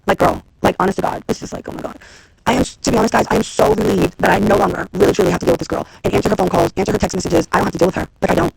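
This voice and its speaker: A woman in her thirties, a reality TV personality, venting on a livestream in a fast, profane, exasperated rant to her viewers. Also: medium pitch, creaky, a little mellow, slight background noise, poor audio. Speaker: reality TV personality and executive producer. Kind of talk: Instagram live rant to viewers.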